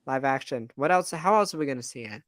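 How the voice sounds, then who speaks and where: A man's voice: mid-range voice, lively intonation, quick pace, no room sound, clean studio sound. A man co-hosting a fan podcast in casual, enthusiastic chat with many fillers. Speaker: podcast co-host.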